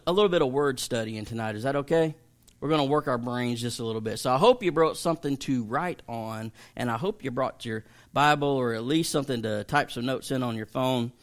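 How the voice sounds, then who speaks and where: A man, a pastor teaching an evening Bible study in a chatty, emphatic way that jokes with listeners. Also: mid-range voice.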